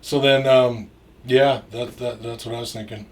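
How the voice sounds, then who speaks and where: A storyteller guest, a middle-aged man from Minnesota, tells a long and rambling casual anecdote peppered with fillers, restarts and some swearing. He speaks at a moderate pace in a medium pitch with fairly even intonation, on a distant mic with faint noise.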